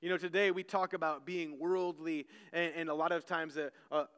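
High, bright-voiced pastor preaching in a hall. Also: male voice, level tone, moderate pace, clean tone. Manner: earnest storytelling, often repeats words as he restarts. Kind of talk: sermon. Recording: long church hall reverb.

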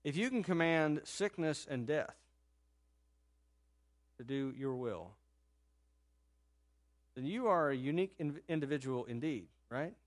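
A man preaching a sermon in a conversational, animated storytelling manner, rising sharply in pitch and loudness at times and dropping to a soft low voice for quoted words. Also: a little slow, pauses often. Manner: drops to a soft, low voice when quoting Jesus. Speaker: pastor.

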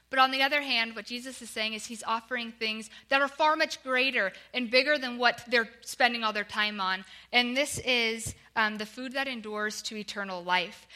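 A young woman preaches a sermon with a bright, high, clear voice. She speaks earnestly, pleading with her listeners and slowing down on the words she wants to land. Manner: earnest, pleading, slows for emphasis. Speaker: guest speaker.

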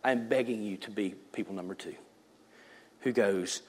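Male pastor preaching in a church hall, swings from shouts to whispers, long reverb. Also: lowish voice, normal speed. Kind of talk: sermon. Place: church sanctuary.

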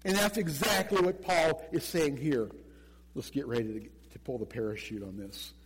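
A man preaching a sermon as pastor, animated, acting out little quotes and often repeating words as he goes. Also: medium pitch, moderate pace, long reverb tail, background noise.

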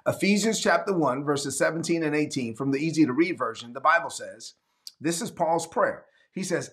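A man delivers a sermon with a voice sitting a touch high for a man. He reads scripture aloud and slips into animated voices to act out the stories, speaking to an online audience. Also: normal speed. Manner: animated, acts out Bible scenes in voices. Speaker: pastor.

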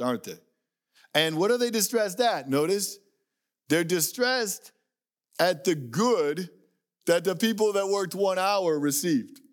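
A man preaching a sermon, telling a story and acting out the voices in it, dropping low and quiet to make a point. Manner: storytelling, acts out quoted voices, drops low and quiet for emphasis. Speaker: pastor.

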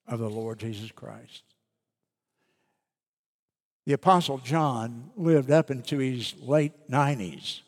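Slow-preaching man in a reverberant hall. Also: medium pitch. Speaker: pastor. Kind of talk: sermon.

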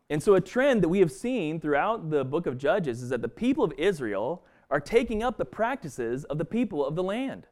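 A man's voice: fairly high pitch, very animated, moderate pace, few pauses, a little mellow. A man teaching a Bible passage in a loose, conversational way, often restarting his sentences. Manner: conversational, frequent restarts and fillers. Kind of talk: casual bible study teaching.

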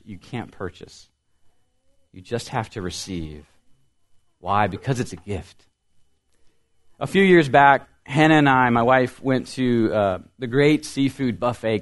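A young man preaching a sermon as a pastor, earnest and storytelling, building emphasis and letting phrases trail off softly. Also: fairly high pitch.

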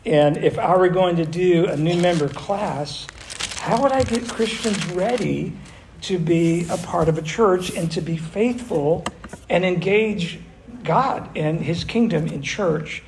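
An older man preaching a conversational sermon as pastor, animated and full of restarts. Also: high-pitched, unhurried. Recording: echoey room with faint noise.

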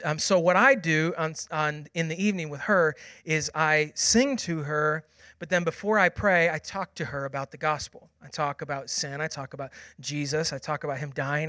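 A man in his thirties preaching a sermon, telling a personal family story and moving from hushed, quiet passages to loud, excited ones. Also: on the high side, no echo. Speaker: pastor.

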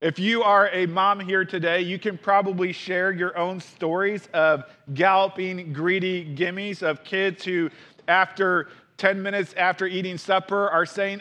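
A male pastor preaching a sermon in a relaxed, conversational way, full of asides to his listeners. His voice is high for a man and bright. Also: a little slow.

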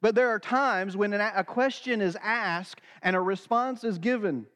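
High-voiced preacher in a reverberant hall. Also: male voice, normal speed, fairly bright tone. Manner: earnest, acts out quoted dialogue. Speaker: pastor. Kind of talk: sermon.

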